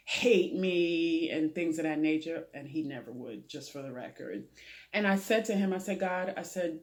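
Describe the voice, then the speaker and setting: A woman's voice: sits low, moderate pace. A woman guest on a talk show who talks earnestly about faith, prayer and her late father, giving advice the way a preacher would. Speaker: interview guest. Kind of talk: heartfelt testimony in a talk show interview.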